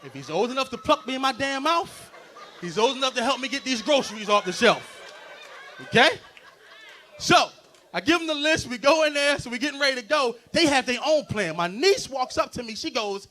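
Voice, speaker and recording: A man doing a stand-up comedy set, loud and animated, working the crowd between bits. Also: very high voice, brisk, a little hiss or hum. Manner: loud, animated crowd work with frequent laughs. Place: stage before a live audience.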